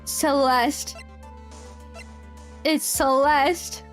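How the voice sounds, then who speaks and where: A woman's voice: high voice, fairly even intonation, drawn-out words, soft background music. A woman voicing a smug, two-faced male celebrity villain who gloats over his crimes with a sneering delivery. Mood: gloating.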